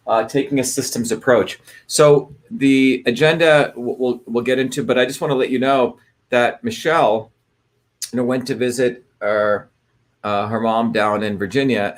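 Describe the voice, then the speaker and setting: A man hosting a live online talk, greeting viewers by place and explaining ideas in a loose, rambling way with many fillers and restarts. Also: medium pitch. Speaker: livestream host. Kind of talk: casual livestream talk.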